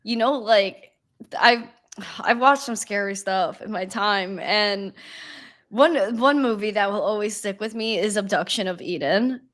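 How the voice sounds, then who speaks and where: A woman's voice: medium pitch, measured pace, a bit bright. A young woman in casual chat, rambling with many fillers and laughing easily.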